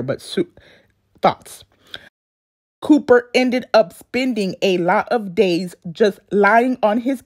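A woman's voice: medium pitch, darkish tone, no room sound, clean studio sound. A woman narrating a celebrity life story in a chatty video style, with casual asides to her viewers. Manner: chatty asides, self-conscious about censored words. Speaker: YouTube narrator.

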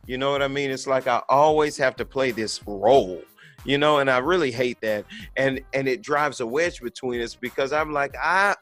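30s guy hosting a podcast, blunt and swears a lot, talks straight, soft music under it. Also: medium pitch, normal speed. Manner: blunt, profane and candid, acting out quoted voices. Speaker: podcast host. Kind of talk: casual monologue.

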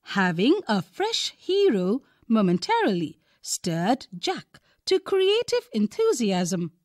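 Indian-accented woman teacher reading a story aloud, very slow, lively pitch, dry close sound. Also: no echo. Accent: Indian English. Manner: expressive, deliberate reading.

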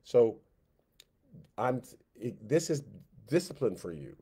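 A man teaching a Sunday school Bible lesson in a conversational way, repeating phrases and slipping into quick voiced asides for God and the complaining people. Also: medium pitch, big pitch swings, warm tone, husky.

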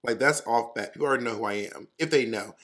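Blunt, animated man co-hosting a podcast. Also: medium pitch, quick pace. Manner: animated storytelling with acted-out quotes; blunt and profane. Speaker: podcast co-host. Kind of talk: casual chat.

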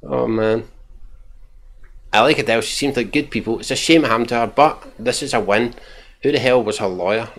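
A man's voice: medium pitch, fast, a bit bright. A Scottish man giving mocking, profane reaction commentary while reading out tweets. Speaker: commentary channel host.

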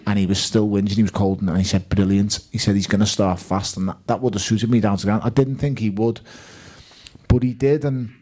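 A man with a Liverpool accent, a guest at a live fan evening, telling lively stories and quoting himself and others. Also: fairly low pitch, a little fast. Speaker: guest boxer.

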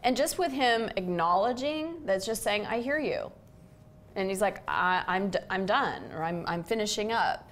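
A woman's voice: medium pitch, expressive, moderate pace, a little hiss or hum. A middle-aged woman hosting a casual chat, telling an everyday story and acting out the quotes with animation. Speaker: host. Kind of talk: casual chat about relationships.

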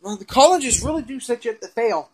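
A man's voice: very high-pitched, lively intonation, a little fast, husky. A young man who is a gaming vlogger, ranting in frustration and cursing heavily as he rambles while playing a game. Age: young adult.

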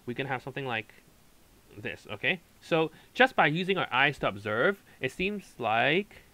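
A man's voice: medium pitch, very animated, normal speed, pushed and bright, no echo, low-quality recording. A man tutoring calculus at a whiteboard, explaining step by step and checking in often with "okay" and "right". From Hong Kong. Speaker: math tutor.

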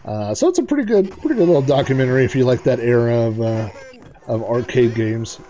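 Talking a little fast at a medium pitch, a man hosts a retro gaming video, excitedly and casually commenting on the gameplay and chatting with the on-screen players.

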